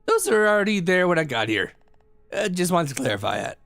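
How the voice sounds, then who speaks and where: A man's voice: high-pitched, very animated, a little fast, vocal fry, a bit bright, no echo, exaggerated voice. A man voicing a timid, upset young boy who stammers nervously, reading game dialogue on stream.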